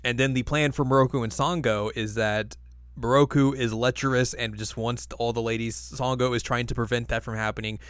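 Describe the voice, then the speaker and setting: A man chatting casually as a podcast co-host, recapping an episode and laughing, often putting on quick funny voices for the characters. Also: medium pitch, steady tone, fairly bright tone, smooth, no echo, clean studio sound. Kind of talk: casual chat.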